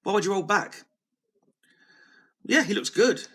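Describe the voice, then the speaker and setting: Bright-voiced man rambling. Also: high voice, animated, unhurried. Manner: rambling, self-deprecating, restarts sentences. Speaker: video host. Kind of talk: casual solo commentary.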